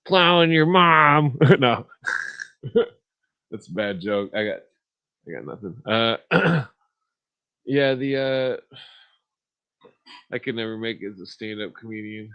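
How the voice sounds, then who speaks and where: A man's voice: fairly low pitch, expressive, takes it slowly, pauses often, highs cut off. A man hosting a podcast, talking in a rambling, profane monologue and laughing at his own stories. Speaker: podcast host.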